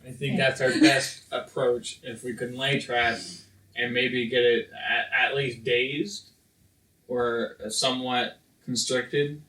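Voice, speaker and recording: A man playing in a tabletop game, speaking haltingly and stumbling over his words. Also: medium pitch, steady tone, sharp tone. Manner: halting, stammering. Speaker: player. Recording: echoey room, far from mic, faint noise.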